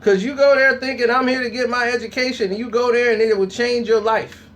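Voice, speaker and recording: A young adult man giving casual spoken commentary on his channel, telling stories in a lively way and acting out people's reactions. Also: very high voice, a little fast. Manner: animated storytelling, acts out reactions. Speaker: vlogger.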